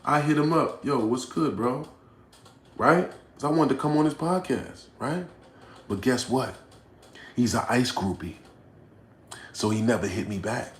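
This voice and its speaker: A man hosting a livestream, reading chat aloud and reacting bluntly, swinging between low mutters and loud outbursts. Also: unhurried, long pauses, reverberant. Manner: blunt, profane, confrontational. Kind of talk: casual livestream rant.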